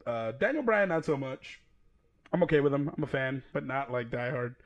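A man in his thirties hosting a podcast, casual and profane, excitable and quick to laugh. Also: mid-range voice, highs cut off. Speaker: podcast host.

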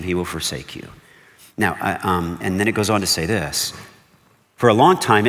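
A male pastor with a lowish voice preaches an animated, conversational sermon, repeating emphatic warnings and often checking in with the congregation with things like "okay?" The recording has long hall reverb.

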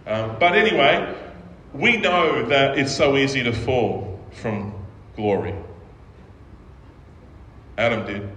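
A pastor preaches a sermon in a conversational way, using a mid-range, slightly bright voice with lively intonation and taking his time. He frequently checks in with the audience by asking "right?" The recording is from an echoey hall with faint ambience and slight background noise.

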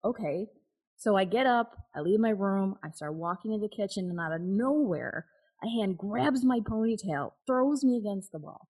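A woman's voice: mid-range voice, expressive, moderate pace, a little mellow, breathy edge, low-quality recording. A woman guest telling a personal story in an interview, candid and open, laughing now and then. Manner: candid, with frequent restarts and nervous laughs.

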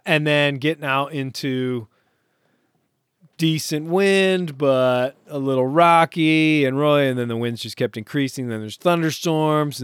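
A man chats on his own from a sailboat far offshore, joking at himself as he rambles. His voice is smooth and clear, with a slow, easy pace. The sound is dry and close. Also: mid-range voice, fairly bright tone, dry recording. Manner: rambling, self-mocking, laughs often. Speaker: solo sailor podcaster. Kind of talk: casual talk.

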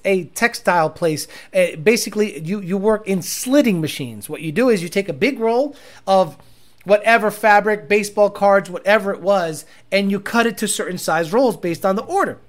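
A man talking loosely on a livestream, his delivery crude and rambling. He laughs easily, swears freely, and trips over repeated words while he works out his next point. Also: sits high. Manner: repeats words when stalling. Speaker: streamer reading chat. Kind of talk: casual livestream chat.

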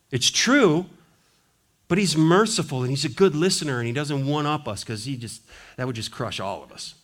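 Earnest preacher, slightly high male voice. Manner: earnest, swings between emphatic and quiet. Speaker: pastor. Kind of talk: sermon.

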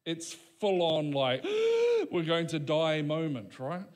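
A man preaching a sermon as pastor, emphatic, with dramatic pauses and voiced quotes. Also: on the high side, big-room sound.

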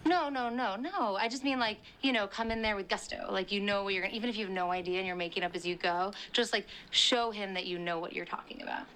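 An actress as a fussy, high-strung young mom. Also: female voice, fairly bright tone, a little hiss or hum, natural voice, low-quality recording. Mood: anxious. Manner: fussy, rapid instructions. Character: high-strung young mother giving babysitting orders. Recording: TV show clip with faint ambience.

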